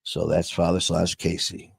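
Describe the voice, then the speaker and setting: A man's voice: sits low, flat delivery, a little fast, creaky, breathy edge, dry recording. A man hosting a live show on sobriety and faith, chatting candidly in a rambling way with many self-interruptions. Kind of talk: casual live-stream chat.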